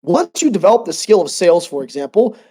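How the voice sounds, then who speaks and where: High-voiced young man coaching fast. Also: husky. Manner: fast, energetic storytelling with many fillers and restarts. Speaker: business coach. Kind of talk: motivational monologue.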